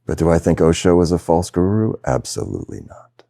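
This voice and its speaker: A man with a deep, gravelly voice leads a satsang as a spiritual teacher. He speaks slowly and thoughtfully, pausing often and laughing softly now and then. His tone is dark and mellow, recorded close and dry. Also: no echo. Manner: slow, reflective, with soft laughs and pauses. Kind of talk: satsang talk. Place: video call session.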